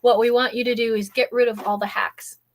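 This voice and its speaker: A woman's voice: a little high, fairly quick. Chatty woman hosting a live stream. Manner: chatty, energetic, keeps saying "okay?". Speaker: workshop host. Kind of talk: live-stream workshop talk.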